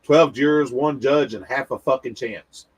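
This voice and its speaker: A man's voice: medium pitch, moderate pace, husky, dull audio. A man hosting a casual livestream, rambling and talking straight to his viewers, often repeating words. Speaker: livestream host.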